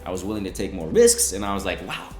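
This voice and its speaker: A man's voice: low voice, huge pitch swings, quick pace, warm tone, echoey room, soft background music. A young man co-hosting a couple's vlog, chatting casually and playfully. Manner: playful, laughs often. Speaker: vlog co-host. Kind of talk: casual chat.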